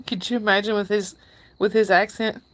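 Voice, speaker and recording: A woman's voice: medium pitch, fairly even intonation, moderate pace. Lady on a night livestream, laughing a lot, thanking folks in chat one by one, medium voice. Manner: chatty, laughs often, thanks viewers by name. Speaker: live-stream host. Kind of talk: casual chat reading viewer comments.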